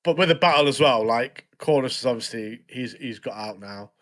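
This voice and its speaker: A man's voice: mid-range voice, moderate pace, fairly bright tone. A young man, co-hosting a podcast in easygoing casual chat, often laughing. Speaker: podcast co-host.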